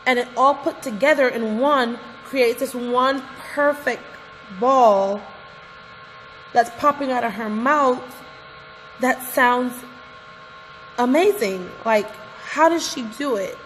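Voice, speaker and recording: A woman's voice: on the high side, slow, long pauses. Gushing woman vlogger, reverberant room. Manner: gushing, effusive, keeps addressing viewers as guys. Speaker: reaction vlogger. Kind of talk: music reaction commentary. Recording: reverberant room with faint music. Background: faint music from the reacted video.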